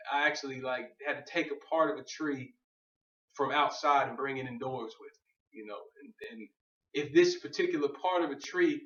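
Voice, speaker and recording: A man's voice: medium pitch, a bit bright. A man giving a casual faith talk to a group. He jokes, goes off on tangents and keeps asking "you know what I'm saying". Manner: loose, joking, goes on tangents. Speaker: speaker on faith. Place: room with an audience. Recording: echoey room, distant, dull.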